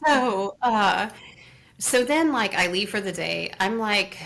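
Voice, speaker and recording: A woman guest in an interview, telling a long personal story in a casual, animated way with frequent laughs. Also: mid-range voice, takes it slowly, creaky. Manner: animated, laughs often, acts out what others said. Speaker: interview guest, Reiki teacher.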